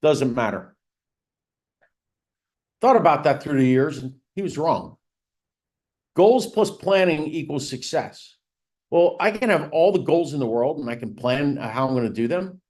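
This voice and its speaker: With a fairly high, lively voice that's a little mellow, this real estate coach speaks a little slowly and pauses often. He teaches agents business planning in a conversational way. Rising emphasis marks his key points, and "right?" and "again" recur.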